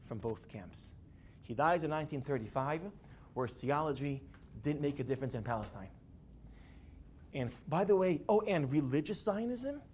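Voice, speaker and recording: A man giving a classroom lecture, animated and building to emphatic peaks. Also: medium pitch, slight background noise.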